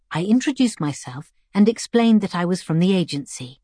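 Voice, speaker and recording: A woman narrating a first-person story in a measured, reflective way. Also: lowish voice, lively intonation, dark tone, husky, no room sound, clean studio sound.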